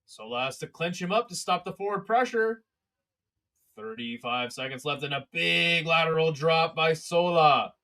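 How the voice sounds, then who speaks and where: A young man calls a fight live as a casual companion host, trading chat with viewers and swearing when the action heats up. His voice is bright and forceful. It sits close and dry on the mic, with no room around it. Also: fairly high pitch, no echo. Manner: chatty, swears, reads chat aloud.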